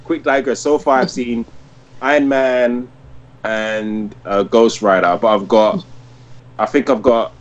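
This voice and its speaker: Guy in his 30s rambling on a podcast, says like a lot, middle pitch. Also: steady tone, a little slow, lo-fi sound. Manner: rambling storyteller, heavy use of "like". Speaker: podcast co-host. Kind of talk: casual chat.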